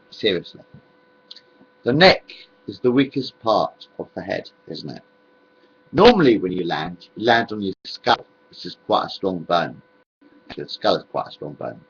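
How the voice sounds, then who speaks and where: Rambling gravelly man, lo-fi. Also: low-pitched, fairly bright tone. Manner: meandering, repeats himself, drifts between topics. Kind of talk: rambling home video monologue.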